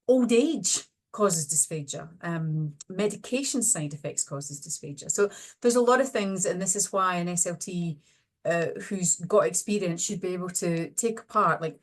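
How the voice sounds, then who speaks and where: A middle-aged woman with a somewhat low voice, a speech and language therapist, gives an online webinar lecture. She explains her slides step by step, grounding each point in practical, everyday clinical examples.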